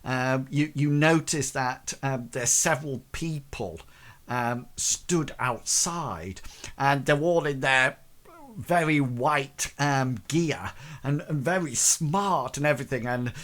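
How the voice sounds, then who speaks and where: A man's voice: mid-range voice, takes it slowly, fairly bright tone. A man narrating a tabletop game as game master, hesitant and full of fillers.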